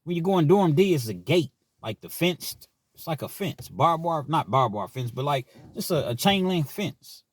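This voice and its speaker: A man's voice: medium pitch, sing-song, measured pace, hardly any pauses, fairly bright tone, slightly rough, no echo. A man in his forties telling an earnest, rambling personal story with frequent restarts. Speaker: vlogger.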